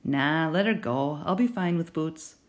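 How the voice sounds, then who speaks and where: A woman's voice: deep voice, measured pace. A woman voicing a weary, responsible eleven-year-old boy with an understated manner. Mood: offhand. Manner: flat, shrugging, understated.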